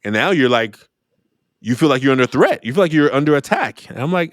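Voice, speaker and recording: A middle-aged man hosting an interview podcast, talking in a lively storytelling way. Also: a little fast, dry recording, studio quality. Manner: animated storyteller, jumps high when acting out exchanges. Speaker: podcast host. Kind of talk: conversational interview.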